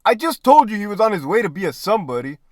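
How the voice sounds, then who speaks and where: Animated, profane man telling stories. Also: sits high, fast, no echo, clean studio sound. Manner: profane, laughs often mid-sentence; animated, asks "right?" constantly. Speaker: former prison guard telling stories. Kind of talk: casual storytelling.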